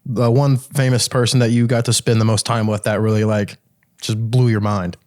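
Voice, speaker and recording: A man's voice: on the low side, flat delivery, normal speed, darkish tone, no echo. A man hosting a podcast, asking questions in a casual, hesitant way with many fillers. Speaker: podcast host.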